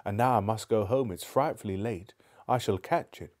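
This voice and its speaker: A man voicing a spirited, sharp-tongued young girl who talks primly and sarcastically, in a live book reading. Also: lowish voice, normal speed, lightly acted. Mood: tart. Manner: prim, sarcastic.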